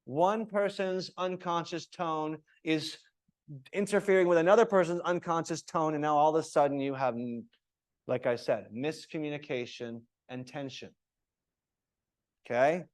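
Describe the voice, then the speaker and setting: A man teaching a yoga teacher training class, talking in an emphatic, animated way and often checking in with his students. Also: a little high, moderate pace.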